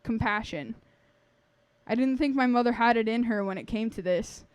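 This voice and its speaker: Storyteller, wry and earnest, somewhat high, smooth voice. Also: female voice, moderate pace, no room sound, dull audio. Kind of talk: reading a personal story aloud.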